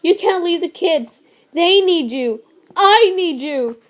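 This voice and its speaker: A woman's voice: on the high side, flat delivery, a little slow, vocal fry, mellow. A woman voicing a desperate young tomcat.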